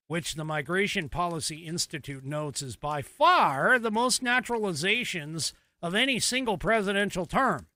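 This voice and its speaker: American male podcast host, high, bright and dry, combative mocking commentator. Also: dry recording. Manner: combative, mocking, rising emphatic delivery. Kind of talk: solo political commentary.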